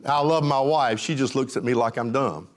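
A man's voice: mid-range voice, moderate pace. An older man preaching a folksy sermon, with emphatic lines and joking asides. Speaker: pastor.

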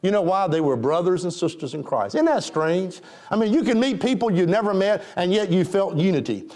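A man's voice: high-pitched, lively intonation, fairly quick, a little mellow. A man preaching an emphatic sermon and calling for amens.

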